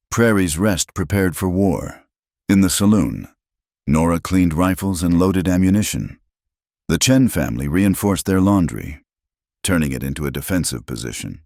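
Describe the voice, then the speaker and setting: A man narrating a scripted western story in a dramatic, measured way. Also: sits low, vocal fry, darkish tone, no room sound, clean studio sound.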